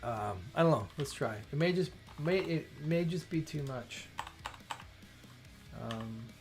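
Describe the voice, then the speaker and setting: A man's voice: a little high, lively intonation. A man hosting a coding livestream, thinking aloud, often breaking off mid-sentence and exclaiming when something works. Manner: chatty, self-interrupting, quick to exclaim at results. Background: faint background music.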